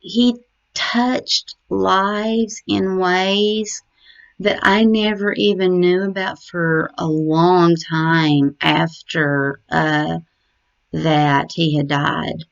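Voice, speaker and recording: A middle-aged mother recalls her late son in a tender, halting way, full of pauses and fillers. Her voice sits a little low and has a gravelly edge, and she takes her time. The recording sounds dull and lo-fi. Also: fairly even intonation. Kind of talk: personal memorial reflection.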